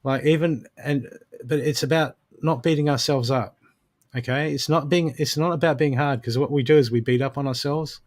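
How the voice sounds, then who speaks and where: A man of ordinary pitch reads oracle cards live and talks straight to the listener. He gives pep-talk advice and keeps checking in with a steady stream of "okay"s. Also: normal speed. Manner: coaching, repeats "okay" often. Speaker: intuitive card reader. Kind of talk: live oracle card reading.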